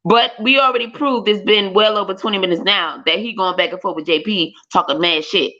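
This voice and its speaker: A woman's voice: medium pitch, a little fast. A woman, hosting a livestream and talking animatedly, with lots of swearing and exclamations. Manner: animated and profane, loud exclamations, laughs. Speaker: livestream host. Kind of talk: casual streamer chat. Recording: dull lo-fi stream audio.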